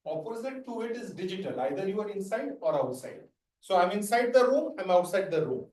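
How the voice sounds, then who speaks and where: A man's voice: sits high, very animated, a little fast, darkish tone, a little hiss or hum. A man teaching an NLP class, explaining step by step and checking in with "right?" often. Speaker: NLP trainer. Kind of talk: classroom lecture. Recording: echoey room, mic at a distance.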